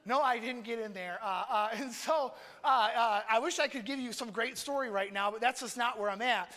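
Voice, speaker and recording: A man's voice: very high voice, normal speed, few pauses, pushed and bright. A man in his thirties preaching a conversational sermon as a missionary, telling a personal story earnestly and calling on listeners by name. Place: church hall. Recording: long hall reverb.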